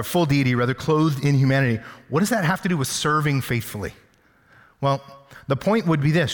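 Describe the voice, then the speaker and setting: A man with a fairly high voice preaches a sermon as pastor in a church sanctuary, which sounds like a large hall. His style is conversational and teasing, full of everyday examples, and he often repeats words and restarts.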